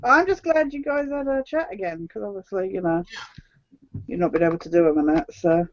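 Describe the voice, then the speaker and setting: A woman's voice: mid-range voice, fairly quick, dull audio, a little hiss or hum. A woman from just south of London, chatting casually with a laugh and a self-deprecating manner. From just south of London, England. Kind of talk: casual online chat.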